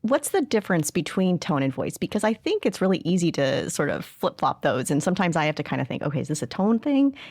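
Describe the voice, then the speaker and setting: An inquisitive woman in a podcast conversation, with a somewhat low voice. She asks questions and stays open to correction. The recording is dry and close. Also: expressive, fast talker, hardly any pauses, a little mellow, no room sound. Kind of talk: casual podcast discussion.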